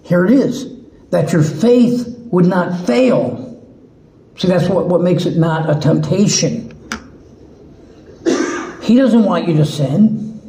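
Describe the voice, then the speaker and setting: Male preacher, fairly high-pitched, unhurried and earnest, stumbling over restarts; roomy sound. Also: dark tone, slight background noise. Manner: slow, earnest, halting with restarts. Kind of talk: sermon. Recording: echoey room.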